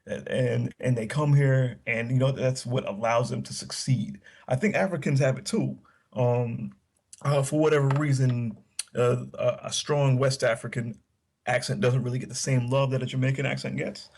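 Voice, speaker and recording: A man's voice: mid-range voice, darkish tone, husky. A man chatting casually as a guest, telling rambling stories with many restarts and fillers. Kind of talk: casual storytelling chat.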